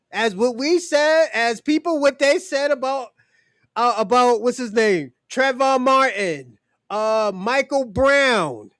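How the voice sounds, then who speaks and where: Man, podcast host, casual opinionated talk, profane, fairly high pitch, dry sound. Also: fairly bright tone, dry recording. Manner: blunt, profane, addresses co-hosts directly.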